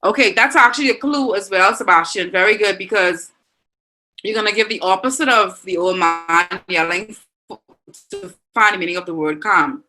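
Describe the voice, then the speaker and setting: A woman teacher with a Bahamian accent, leading an online class and warmly reading out and praising students' answers. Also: mid-range voice, normal speed, low-quality recording. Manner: encouraging, reads students' answers aloud with frequent praise.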